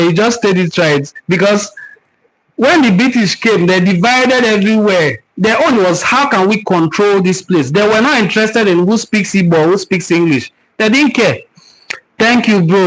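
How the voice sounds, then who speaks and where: Speaking with a Nigerian accent, a man with a high, fairly bright voice runs a cultural forum, captured on a rough recording. His live-stream teaching takes the form of replies to viewer comments, delivered earnestly like a sermon, with words repeated to drive points home.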